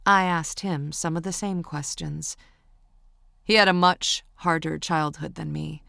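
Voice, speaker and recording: A woman reads a first-person romance audiobook in a low voice with a touch of vocal fry. Her delivery is steady and intimate. The recording is close and dry, made in a studio booth. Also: measured pace, dry recording. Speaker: audiobook narrator.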